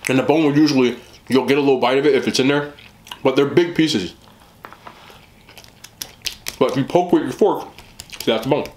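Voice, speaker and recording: A man's voice: mid-range voice, normal speed, pauses often, darkish tone, reverberant, a little hiss or hum. A man hosting a casual eating vlog, chatting with his mouth full about the food. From West Indian family. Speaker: mukbang host.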